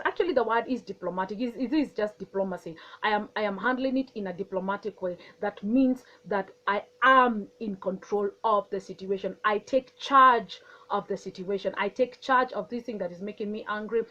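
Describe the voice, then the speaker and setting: A woman giving a calm, earnest wellness talk on handling emotions. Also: medium pitch, dull audio. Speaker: wellness speaker. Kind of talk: teaching talk on managing emotions.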